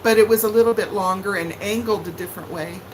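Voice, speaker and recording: A woman's voice: mid-range voice, quick pace, a little hiss or hum, poor audio. A middle-aged woman hosting a casual home livestream from her living room, chatting and greeting viewers by name with sing-song hellos. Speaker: livestream cooking host. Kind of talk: casual live-stream chat.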